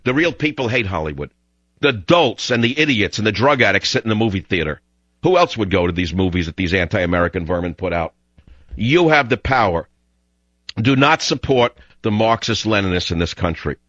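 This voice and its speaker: A man's voice: fairly low pitch, expressive, a little fast, a bit bright, no echo. A man hosting talk radio, delivering an emphatic, fiery ranting monologue on dull lo-fi audio.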